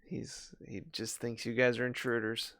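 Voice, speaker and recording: A man's voice: mid-range voice, monotone, moderate pace, a bit bright, dry recording, clean studio sound. A man narrating as game master of a tabletop game, chatty, laughing often and stumbling over repeated words.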